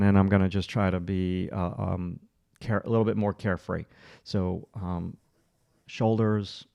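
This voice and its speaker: A man's voice: on the low side, gravelly, darkish tone, clean tone, no room sound. A man teaching a livestreamed drawing lesson, talking through each stroke as he sketches and encouraging viewers to keep going. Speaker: art instructor.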